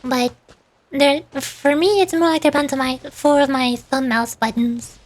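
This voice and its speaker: Giggly high-voiced young woman streamer. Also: a little slow, a little hiss or hum. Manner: chatty, giggly, rambling. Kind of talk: casual gameplay streaming chat.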